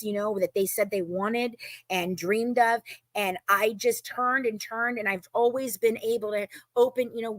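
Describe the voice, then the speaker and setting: A woman's voice: medium pitch, fairly bright tone, no echo. A woman talking emotionally and emphatically in a casual chat, often repeating herself.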